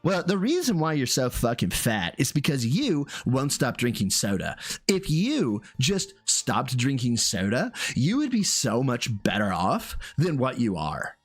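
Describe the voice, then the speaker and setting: A man putting on a low, smug voice to mock a condescending male fitness lecturer who sneers and swears. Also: wildly swooping pitch, measured pace, slightly rough, soft background music, heavily acted. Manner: sneering, profane, preachy.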